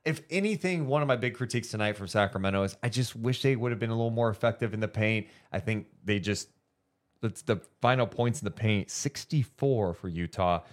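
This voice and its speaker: A man's voice: lowish voice, fairly quick. A man co-hosting a podcast, talking through a basketball game in a casual, analytical way. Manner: animated, analytical, quotes fans in mock voices. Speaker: podcast co-host. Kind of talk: casual sports talk.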